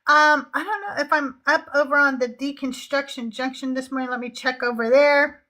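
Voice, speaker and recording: Woman, middle-aged, livestream host, high voice, casual chatter, self-mocking laughs. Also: moderate pace, sharp tone. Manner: chatty, laughs at herself often. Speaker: host of a live call-in show.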